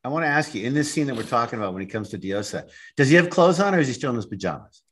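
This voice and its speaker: A middle-aged man co-hosting a podcast in casual chat, animated and salty, quick to laugh and curse. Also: medium pitch, slight background noise. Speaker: podcast co-host.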